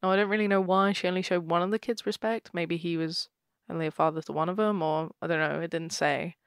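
A woman's voice: lowish voice, fairly even intonation, quick pace, smooth, no echo, clean studio sound. A woman co-hosting a podcast, chatting casually and laughing often as she retells a ghost story. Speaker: podcast co-host.

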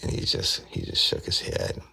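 A man's voice: normal speed, pushed and bright. A man, recounting a police case in casual storytelling, acting out the voices of the people in it. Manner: retells dialogue, acting out quoted voices.

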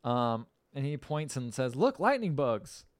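A man's voice: medium pitch, a little slow, no echo. A man casually recapping a film on a podcast, acting out the characters' lines. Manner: acts out quoted lines with lively swings and laughs. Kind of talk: casual chat.

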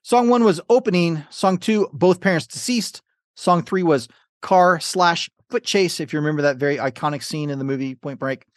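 A man's voice: on the high side, moderate pace, no echo, clean studio sound. A man hosting a trivia game podcast, reading questions and fun facts with playful, jokey asides. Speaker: podcast host and quizmaster.

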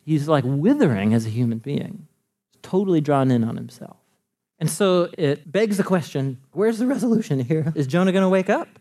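Male preacher, high-pitched, loose and conversational, animated, laughs a lot. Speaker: pastor. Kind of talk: sermon.

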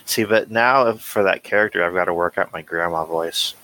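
A man's voice: sits low, normal speed, sharp tone. A man in a casual chat about a tabletop game, talking hesitantly with stumbles and fillers.

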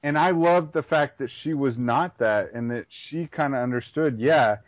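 A man's voice: medium pitch, moderate pace, no echo. A man co-hosting a casual podcast, talking enthusiastically through a TV scene and often repeating himself as he thinks. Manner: enthusiastic, analytical, repeats phrases. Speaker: podcast co-host. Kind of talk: casual TV recap chat. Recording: dull lo-fi sound, dry room.

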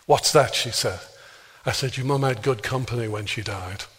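An Englishman telling a story in a sermon and acting out the dialogue, jumping up high for exclamations and dropping low for quiet asides. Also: moderate pace, breathy edge. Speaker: speaker leading a healing prayer talk. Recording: long reverb of a large hall.

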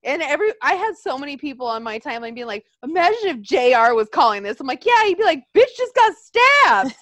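A woman chatting casually as a podcast co-host, animated, swearing freely and acting out what others said. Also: sits high, quick pace, dry recording. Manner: animated, swears a lot, acts out quotes. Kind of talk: casual wrestling chat.

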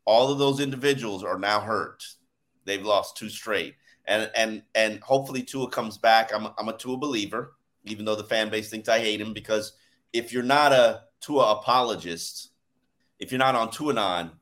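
A man hosting a sports podcast, talking in an animated, emphatic way in casual chat about football. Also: fairly low pitch, normal speed. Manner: animated, emphatic, laughs while telling stories. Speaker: sports podcast host and former beat reporter.

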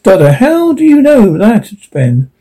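A man's voice: high voice, wildly swooping pitch, a little slow, dark tone, pitched above the performer's own voice, full character voice. A man voicing an eccentric, inquisitive male time-traveller in a read-aloud script.

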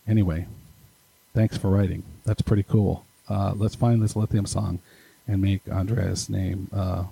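A man's voice: on the low side, vocal fry, warm tone, husky, rough recording. A man hosting a casual podcast, reading listener emails aloud with rambling, self-deprecating asides. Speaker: podcast host.

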